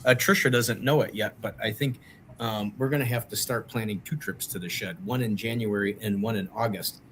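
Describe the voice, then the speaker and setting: A man's voice: lowish voice, fairly quick, a bit bright, a little hiss or hum. Man, co-host, casual chat, eager, chatty. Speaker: podcast co-host.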